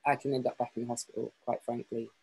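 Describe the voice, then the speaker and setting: A woman sharing candidly on a group call, halting and hesitant as she speaks. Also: very deep voice, flat delivery, vocal fry, mellow, slightly rough, poor audio.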